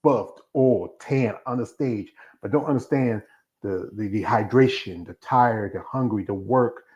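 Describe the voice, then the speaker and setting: A man's voice: on the low side, measured pace, a little mellow, muffled recording. Guy hosting a chatty interview, rambles, throws in little voices. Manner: rambling, acts out quoted voices. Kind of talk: casual interview chat.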